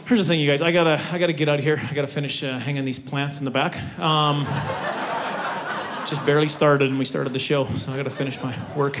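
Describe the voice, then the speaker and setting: A middle-aged man performing a stand-up comedy routine on stage, playful and animated. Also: a little high, fast, crowd noise. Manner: animated, playful, breaks into laughter. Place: comedy stage before a live audience.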